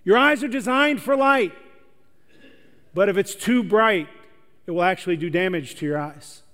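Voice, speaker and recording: Male pastor with a high voice, chatty sermon delivery, recorded in a reverberant hall. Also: moderate pace, a bit bright. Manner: conversational, asks the audience questions. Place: large church hall with audience.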